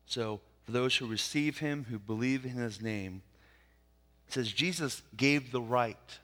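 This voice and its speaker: A man preaches a sermon at an unhurried pace, leaning on repeated phrases to drive each point home. His voice sits in an ordinary middle pitch, and it rings out with a long reverb, as if in a large church sanctuary. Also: a bit bright. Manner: slow, deliberate, repeats key phrases for emphasis. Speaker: pastor. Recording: reverberant hall.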